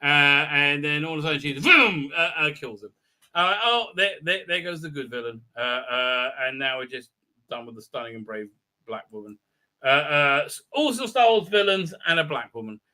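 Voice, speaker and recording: A man's voice: fairly high pitch, expressive, normal speed, sharp tone. A man hosting a live stream recap, talking crudely and rambling with many fillers and restarts. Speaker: live show host.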